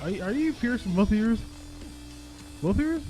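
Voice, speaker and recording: High, lively man teasing his co-host. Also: moderate pace, faint music behind, poor audio. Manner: teasing, mock-serious joking. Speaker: podcast co-host. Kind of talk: casual chat.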